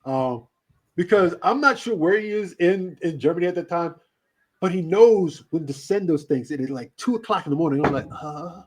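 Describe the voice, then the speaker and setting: This man, a radio show host, trades laid-back anecdotes in an interview, laughing and cursing a lot as he goes. He talks at a normal pace in a higher-than-average voice, lively and animated.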